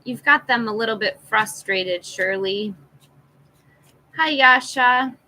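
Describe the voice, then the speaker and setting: A woman runs a live tarot reading and talks slowly, pausing between card meanings and greetings to viewers. Her voice is bright and forward, with an unhurried, easygoing delivery. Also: a little high, rough recording. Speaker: tarot reader hosting a live stream.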